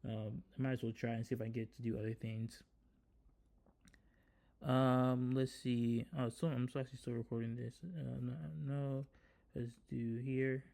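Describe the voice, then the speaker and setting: Creaky and warm, this developer's medium-pitched voice shows little pitch movement and keeps a moderate pace. Running a relaxed screen-recorded coding tutorial, he talks tentatively, frequently starting his sentences over.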